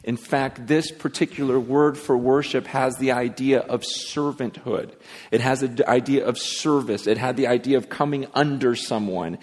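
A man preaching a sermon to his congregation, speaking with emphatic, animated delivery. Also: medium pitch, normal speed. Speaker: pastor. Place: church sanctuary. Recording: long reverb of a large hall.

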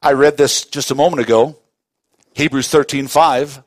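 A man preaching a sermon, swinging from hushed, slow lines to loud, emphatic ones. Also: medium pitch, steady tone, dry recording, clean studio sound. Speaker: pastor.

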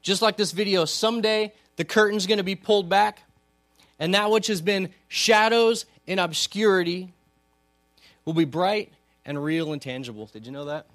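A man's voice: high-pitched, normal speed, a bit bright, dry recording. A grown man preaching a conversational sermon to a congregation, often asking them questions. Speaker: pastor. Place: church hall.

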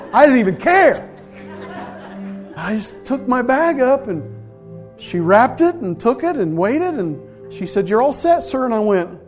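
A man preaching from the pulpit in a high voice, telling a story in animated bursts that drop to near whispers. Soft music plays faintly underneath. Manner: animated, swings from loud to hushed. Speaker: pastor. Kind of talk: storytelling sermon.

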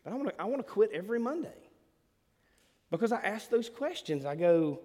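A man preaching a sermon as a church pastor, animated and self-deprecating. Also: high voice, quick pace. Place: church sanctuary. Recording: long reverb of a church hall.

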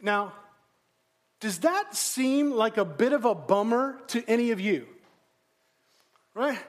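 High-voiced man preaching conversationally. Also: big pitch swings, slow. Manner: conversational, self-deprecating, asks the congregation questions. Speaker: pastor. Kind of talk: sermon.

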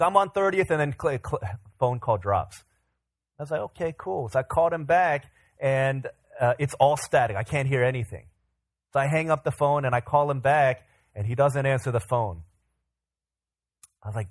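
Male pastor, mid-range voice, animated sermon anecdote, dry close sound. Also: mid-range voice, no echo. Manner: animated anecdote-telling, acting out quoted voices. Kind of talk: sermon storytelling. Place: church hall.

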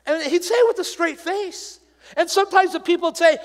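High-voiced man preaching in a reverberant church. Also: fast talker. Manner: conversational, animated preaching with asides. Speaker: pastor. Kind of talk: sermon. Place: church sanctuary.

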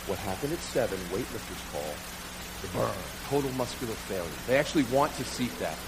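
Against a noisy background, a man preaches a sermon by way of a comic, self-mocking story, briskly and with a medium pitch. He's animated and builds to loud bursts.

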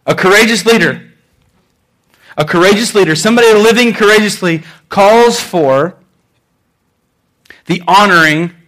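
A pastor with a high voice delivers an energetic sermon, moving between loud, emphatic lines and quieter passages and repeating phrases to press his point. He speaks a little slowly and leaves long pauses.

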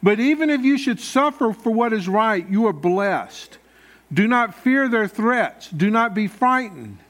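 High-voiced man preaching. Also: very animated, a little slow, fairly bright tone. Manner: folksy, conversational preaching with Southern grammar. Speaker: pastor. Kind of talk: sermon.

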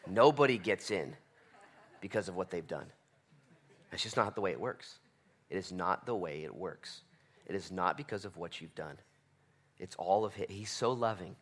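Brief: male pastor, 30s, bright forceful voice, conversational sermon with emphatic repetition. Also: sits low, moderate pace, long pauses, slightly rough.

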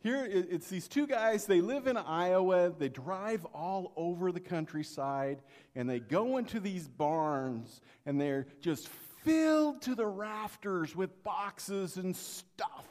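A pastor giving a sermon to a congregation, telling stories, acting out the people in them and joking with the room. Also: male voice, high voice, lively intonation, slow, hardly any pauses, a little mellow. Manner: storytelling, acts out characters, jokes with congregation. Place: church sanctuary. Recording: long hall reverb.

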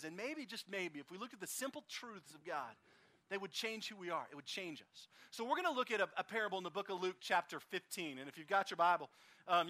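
A man preaching outdoors at a park service, telling a lively anecdote and acting out the other people in it. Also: high-pitched. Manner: animated, acts out voices in anecdotes. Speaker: pastor. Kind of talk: storytelling sermon.

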